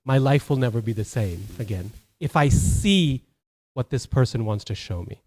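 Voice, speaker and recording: A man voicing a lost, doubtful young male lion from a cartoon, speaking softly. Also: mid-range voice, expressive, normal speed, no echo, voice pushed down, lightly acted.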